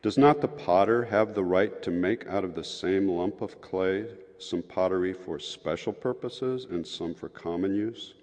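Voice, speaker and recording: A man giving a formal scripture reading in a measured, solemn way. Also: deep voice, darkish tone. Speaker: scripture reader. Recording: muffled, echoey hall sound.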